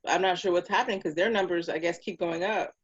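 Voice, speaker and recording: A woman's voice: on the low side, fast talker, slightly rough, highs cut off. A woman co-hosting a casual chat, telling stories with lots of laughter. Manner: laughing, lively storyteller. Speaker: co-host.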